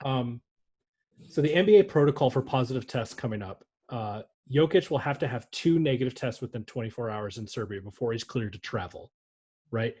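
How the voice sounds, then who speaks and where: A man's voice: mid-range voice, animated, a little fast, darkish tone, husky. A man co-hosting a casual sports podcast, rambling and joking with frequent swearing. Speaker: podcast co-host.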